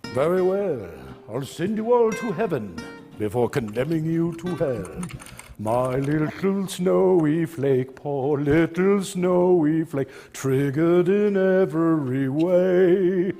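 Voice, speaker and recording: A man impersonates a pompous, theatrical actor with grandiose, mocking delivery. His voice is gravelly and mellow. A long reverb hangs after each line. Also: fairly high pitch, expressive, takes it slowly, soft background music. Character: pompous, theatrical middle-aged male sitcom actor.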